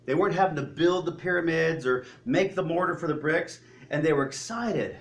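Lively man preaching a sermon. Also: fairly high pitch, fairly quick. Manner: animated storytelling with joking asides. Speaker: pastor.

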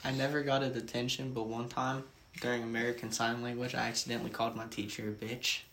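A young man co-hosting a podcast, telling school stories in a casual, animated way, laughing often and swearing freely. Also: medium pitch, fast talker, slight background noise. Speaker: podcast co-host. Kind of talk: casual chat.

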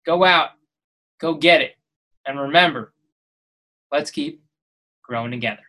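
A man's voice: fairly high pitch, a little slow, pushed and bright, poor audio. A man talks straight to his podcast listeners in a motivational monologue. He preaches and exhorts, and he keeps pushing his voice up to emphatic peaks. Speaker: podcast host.

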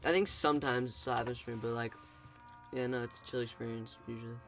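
A young man co-hosting a podcast in casual chat, relaxed and drawling, often trailing off quietly. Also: medium pitch, fast talker, soft background music. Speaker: podcast co-host.

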